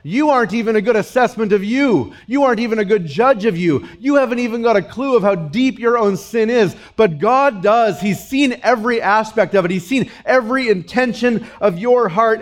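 A male pastor delivers a sermon in a notably high voice. He drives his points home through emphatic repetition and sinks low and soft when quoting. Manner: preaching with emphatic repetition, dropping low and soft for quoted lines.

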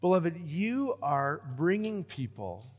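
High-voiced preacher guy, gets loud then drops real quiet, long echo in the church. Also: takes it slowly. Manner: animated preaching, swings from loud emphatic lines to hushed low ones. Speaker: pastor. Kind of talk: sermon.

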